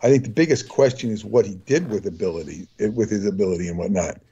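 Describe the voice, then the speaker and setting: A man's voice: fairly low pitch, quick pace, dark tone, breathy edge, muffled recording. A man talking as a guest in casual chat, telling long rambling anecdotes.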